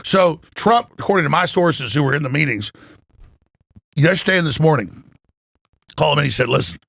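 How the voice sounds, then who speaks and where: A man talking as a podcast guest, animated and emphatic, swearing freely and acting out what others said. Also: on the high side, brisk, no room sound, studio quality. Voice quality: gravelly, husky. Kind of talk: excited podcast talk. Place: in Florida.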